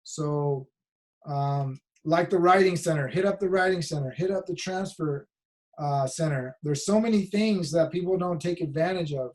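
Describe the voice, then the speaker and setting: A man's voice: on the high side, normal speed, a little mellow. A man teaching a college class over a video call, talking casually with many restarts and fillers. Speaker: college instructor. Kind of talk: casual online class talk.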